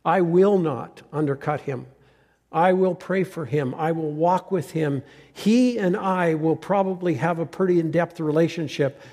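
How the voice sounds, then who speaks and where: An older man preaching a farewell sermon as the pastor, earnest and halting, with frequent restarts. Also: a little high, a little mellow, slightly rough, big-room sound.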